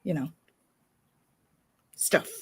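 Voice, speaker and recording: A woman's voice: drawn-out words, darkish tone. A woman co-hosting a live spirituality stream, chatting casually and giggling easily as she rambles. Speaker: co-host of a spirituality live show.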